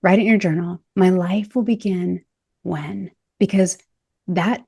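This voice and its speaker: A woman's voice: lowish voice, fairly even intonation, a little slow, creaky, warm tone, husky, no echo. A woman in a casual podcast conversation who talks animatedly, laughs often and acts out what people said. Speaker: podcast host and body image coach.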